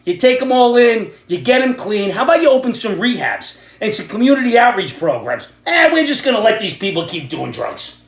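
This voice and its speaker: A middle-aged man from Ireland rants with heavy sarcasm. His voice sits high for a man and swings widely up and down as he scoffs and jeers. The room around him is echoey. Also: sing-song, brisk, hardly any pauses. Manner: loud, sarcastic, ranting. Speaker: vlogger ranting about the news. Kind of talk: angry political rant vlog.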